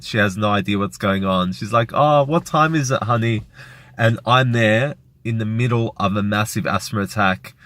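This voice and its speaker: A man's voice: fairly low pitch, a bit bright, dry recording. A man vlogging, retelling a frightening personal experience in a rambling, emotional way with many fillers. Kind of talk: personal story vlog.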